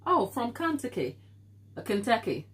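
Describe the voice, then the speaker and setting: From her home kitchen, an African woman with a stuffy nose hosts a live baking stream, chatting casually with viewers and laughing often. Her voice sits on the high side, sing-song, at a normal speed.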